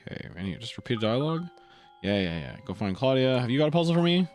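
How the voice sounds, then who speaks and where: A man chatting casually as a streamer while playing, self-deprecating and quick to restart his sentences. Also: mid-range voice, big pitch swings, a little mellow, faint music behind. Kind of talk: casual gaming commentary.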